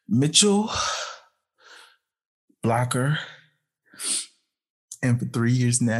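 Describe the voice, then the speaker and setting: A tearful man speaking to his younger self in a halting, heartfelt personal address, with sighs and pauses between phrases. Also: mid-range voice, fairly bright tone, husky.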